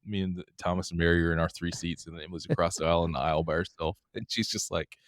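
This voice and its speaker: A middle-aged man co-hosting a podcast, telling travel stories in an animated way, laughing and acting out what people said. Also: deep voice, racing, no echo, studio quality. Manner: animated, laughing, acts out quotes. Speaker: podcast co-host. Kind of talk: casual storytelling chat.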